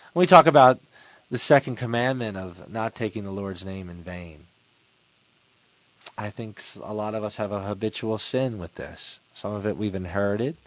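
A man giving a sermon as a Catholic preacher, earnest and exhorting, slowing down to stress points. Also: mid-range voice, no echo. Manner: earnest, exhorting, slows for emphasis.

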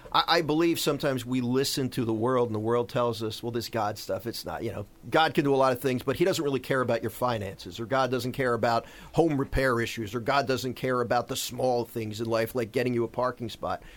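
A man's voice: mid-range voice, brisk, few pauses. Earnest male radio host. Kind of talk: radio talk show chat. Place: radio studio.

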